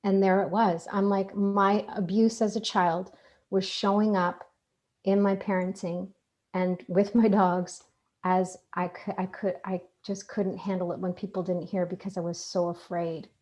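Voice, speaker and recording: A middle-aged woman speaking calmly in a self-help talk over an online call, building her points in repeated, list-like phrases. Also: mid-range voice, a little slow. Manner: calm, repetitive, list-like phrasing. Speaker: guest speaker. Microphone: online video call.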